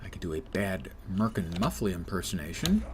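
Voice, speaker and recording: A man's voice: deep voice, very animated, a little fast, noisy background. A man streaming a game live, chatting and joking casually with his viewers.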